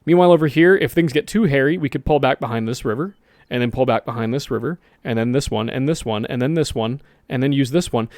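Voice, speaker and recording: A man's voice: mid-range voice, a little mellow, no echo, studio quality. Rambling man doing casual game commentary. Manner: rambling, self-correcting, jokey asides. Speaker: gaming video host.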